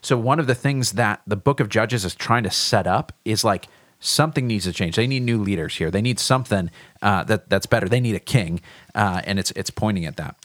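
A man with a fairly low voice guides a podcast Bible discussion as a pastor. He thinks aloud and often circles back and restarts his sentences. The sound is dry and close, with no room around it. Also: brisk, a bit bright, no room sound.

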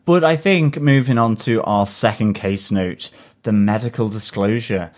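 A man's voice: lowish voice, measured pace. A man co-hosting a podcast, chatting enthusiastically about a TV episode with plenty of fillers. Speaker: podcast co-host. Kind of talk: casual chat.

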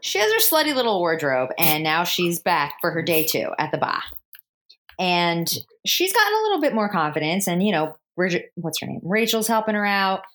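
A woman's voice: fairly low pitch, normal speed. A woman in casual chat, animatedly retelling a film's plot and acting out the characters' lines. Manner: animated storyteller, acts out characters' lines in voices. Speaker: podcast co-host retelling a film.

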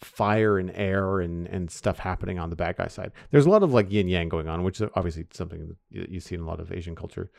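A man's voice: deep voice, fast talker, creaky, few pauses, darkish tone, dry recording, clean studio sound. A man hosting a casual podcast chat, hesitant and full of fillers as he gives his opinion. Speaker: podcast host.

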